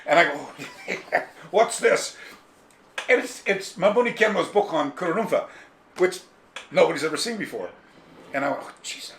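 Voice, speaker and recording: As an interview guest, a karate author with a slightly high-pitched voice tells a long story at a moderate pace, casual and animated. He wanders into digressions and imitates people, recorded in an echoey room at his home with faint ambience and slight background noise.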